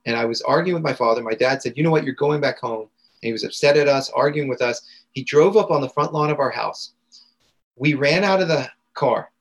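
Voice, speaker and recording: A man's voice: medium pitch, a little fast, low-quality recording. A young man, a guest coach, retelling a painful personal experience in an intense, raw and vivid way. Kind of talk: emotional personal storytelling.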